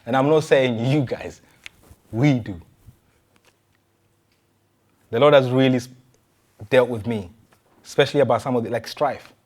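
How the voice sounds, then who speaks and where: A man preaching a sermon in a conversational way, firing rhetorical questions at his listeners. He often stumbles and restarts his words as he goes. His voice sits at an ordinary middle pitch. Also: normal speed, darkish tone. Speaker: pastor.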